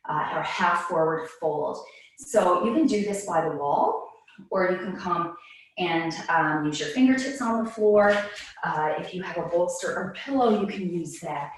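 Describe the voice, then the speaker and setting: A woman teaching a guided yoga class, calmly cueing breaths while moving and a little out of breath. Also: lowish voice. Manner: calm, cueing breaths while doing the moves herself. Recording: very echoey room, mic at a distance.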